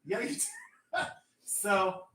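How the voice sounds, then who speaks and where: A man's voice: takes it slowly, slight background noise. A man hosting a live-streamed jewelry sale, chatting, joking and teasing his viewers as he talks. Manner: animated, joking, teasing, swearing. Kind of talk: live-stream sales chat.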